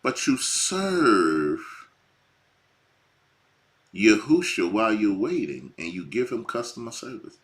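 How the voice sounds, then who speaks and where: A man preaching informally, swinging from hushed lines to near shouting. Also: fairly low pitch, sing-song, slow pace, long pauses. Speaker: bible teacher.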